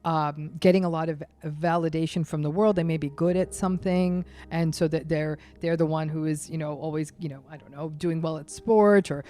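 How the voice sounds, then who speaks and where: A woman guest expert explaining narcissism in an interview, speaking emphatically and acting out quick quoted asides. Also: low-pitched, fairly even intonation, dark tone. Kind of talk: interview conversation.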